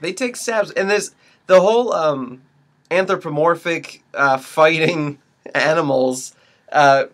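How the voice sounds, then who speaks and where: A man's voice: on the high side, slow pace, fairly bright tone. A young man co-hosting a podcast, chatting casually, joking and swearing as he riffs. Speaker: podcast co-host. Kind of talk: casual chat.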